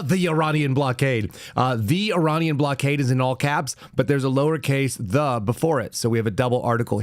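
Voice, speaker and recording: A man's voice: mid-range voice, expressive, brisk, no room sound. Sarcastic male show host, dry sound. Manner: sarcastic, mocking, chuckling. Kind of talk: news commentary on a live show.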